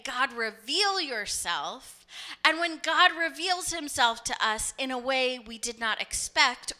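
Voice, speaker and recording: A woman's voice: high voice, sharp tone. A woman pastor preaching a sermon, telling stories and acting out voices as she goes. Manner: storytelling, acts out voices.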